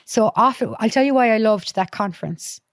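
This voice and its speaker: Dublin woman, podcast guest, animated storyteller, swears freely, dry close sound. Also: a little high, fairly quick, creaky, dry recording. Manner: lively storyteller, acts out quotes, swears freely. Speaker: podcast guest, youth worker. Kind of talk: casual chat.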